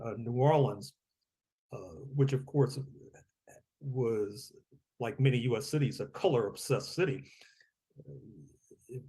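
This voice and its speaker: A man's voice: medium pitch, a little mellow. A man speaking as an author and guest on a podcast interview, discursive, often repeating his words and giving wry chuckles.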